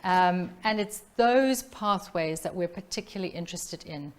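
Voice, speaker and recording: A middle-aged woman from South Africa giving an academic lecture on literature, measured and reflective, pausing to restart her phrases. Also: lowish voice, clear, resonant tone. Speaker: literature professor giving a talk.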